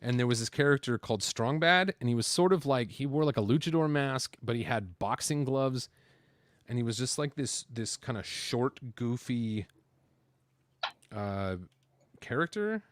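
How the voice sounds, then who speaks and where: A man chatting while he builds on camera, rambling loosely and filling gaps with fillers. His voice sits in an ordinary middle pitch. He talks in an easygoing, unhurried way. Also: lively intonation. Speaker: host building LEGO on camera. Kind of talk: casual building chat.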